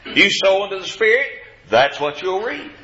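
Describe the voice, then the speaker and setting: A preacher delivers a sermon with lively, swooping pitch and a bright, forceful tone. He leans hard on key words and reads the old scripture in measured cadence. The recording is dull and lo-fi. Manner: emphatic, rising to forceful stresses on key words. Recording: dull lo-fi sound.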